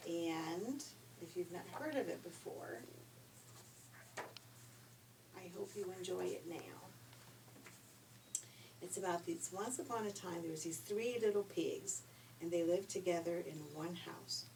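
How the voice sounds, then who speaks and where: A woman's voice: on the low side, slow, pauses often. An older woman reading a children's story aloud in a homey, chatty storytelling way. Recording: distant mic, faint hiss.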